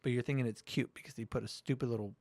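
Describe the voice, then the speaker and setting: A man's voice: medium pitch, steady tone, racing, a little mellow, dry recording. Blunt, profane middle-aged man. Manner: blunt, emphatic, swears freely. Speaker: podcast co-host. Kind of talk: casual profane chat.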